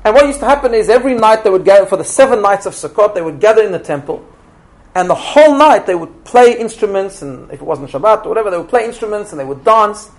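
A man who teaches by telling a story in a lecture, animated, often repeating words and asking "right?". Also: high voice, quick pace.

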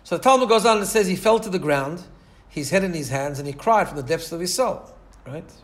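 A man with a slightly higher-than-usual voice delivers a sermon as a long, earnest story. He talks his way through it with frequent restarts and repeated words. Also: animated, fairly quick. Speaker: Torah teacher.

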